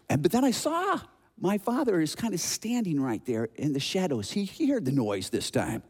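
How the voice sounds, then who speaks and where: Animated Chicago-raised preacher in an echoing hall. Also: male voice, fairly high pitch, a little fast, breathy edge. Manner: animated, acts out noises and voices. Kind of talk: sermon storytelling. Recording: long hall reverb.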